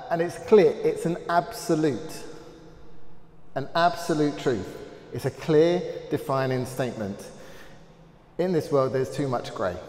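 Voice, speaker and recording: A man with an English accent leading a Bible study, reading scripture aloud earnestly with frequent pauses and "um"s, recorded in a church hall. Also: mid-range voice, a little mellow. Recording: roomy hall echo with faint ambience.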